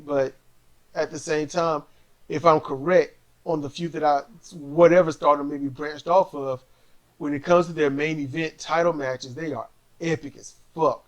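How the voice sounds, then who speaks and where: Man, high voice, casual wrestling recap co-host, animated storyteller. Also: normal speed. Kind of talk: casual chat recapping matches.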